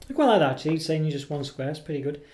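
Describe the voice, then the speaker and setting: A man's voice: on the high side, big pitch swings, very fast, a little mellow, slight background noise. Rambling man reviewing chocolate. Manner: rambling and hesitant, with many ums and self-corrections; self-deprecating. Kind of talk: casual product review.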